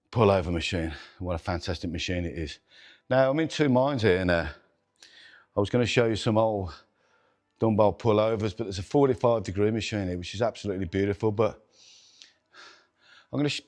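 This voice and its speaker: Gym man counting reps and straining. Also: on the low side. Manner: counts reps aloud, swears and groans while straining. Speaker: gym owner and host. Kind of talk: workout demonstration vlog. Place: indoor gym.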